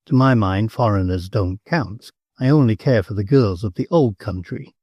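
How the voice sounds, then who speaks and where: A man's voice: fairly low pitch, normal speed, no echo, muffled recording, close to an everyday voice. A man voicing a big, blunt American gambler with an abrupt, muttering manner, in an audiobook. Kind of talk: audiobook character voice.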